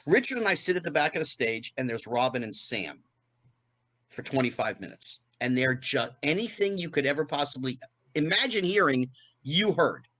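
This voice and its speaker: Animated middle-aged man telling stories. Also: mid-range voice, normal speed, rough recording. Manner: animated, acts out quoted voices. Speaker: podcast guest. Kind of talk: anecdotal storytelling.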